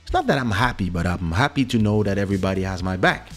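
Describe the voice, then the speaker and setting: A man's voice: low-pitched, expressive, fast, faint music behind. A man hosting a podcast, telling a story casually and acting out other people's lines with big jumps in his voice, on a studio mic. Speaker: podcast host.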